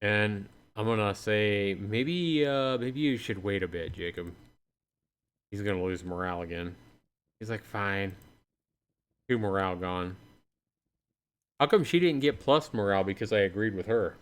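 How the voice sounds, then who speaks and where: A man's voice: fairly low pitch, normal speed. A man streaming a game live, chatting with his viewers in casual, talkative commentary and sounding tired. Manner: chatty, talks to chat. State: tired, yawning. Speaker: livestreamer. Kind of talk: let's-play commentary.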